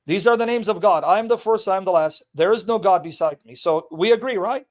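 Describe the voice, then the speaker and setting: A man with a notably high-pitched voice argues his point with relentless insistence. He reads scripture verses aloud with heavy emphasis, then turns them back on the other person as pointed challenges. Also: brisk. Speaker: Christian apologist debating a Muslim. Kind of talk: street debate, reading scripture aloud.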